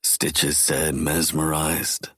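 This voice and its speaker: A man narrating a first-person romance audiobook in a low, intense voice. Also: little pitch movement, extremely slow, fairly bright tone, no room sound, clean studio sound. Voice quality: very deep, husky.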